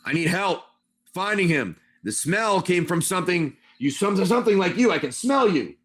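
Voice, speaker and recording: A man's voice: sits high, sing-song, moderate pace, a bit bright. A man voicing a ghoulish male priest who is pompous and desperate to find his lost son. He is bossy and pleading.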